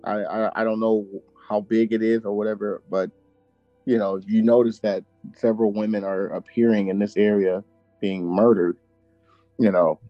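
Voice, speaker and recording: Lowish voiced podcast dude asking questions, kinda dull lo-fi sound, faint music. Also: male voice, flat delivery, normal speed, no echo. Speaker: podcast co-host. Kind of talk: casual true-crime podcast chat.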